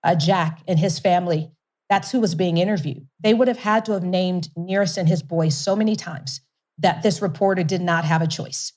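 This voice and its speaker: A woman being interviewed as a guest, telling a story in an animated way, laughing often and repeating words for emphasis. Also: fairly low pitch, normal speed. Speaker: guest, company CEO.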